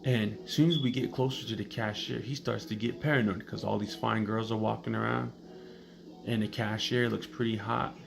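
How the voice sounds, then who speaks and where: A man's voice: lowish voice, fairly even intonation, moderate pace, vocal fry. A man casually telling comedic stories in a blunt, profane way. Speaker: storyteller. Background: background music.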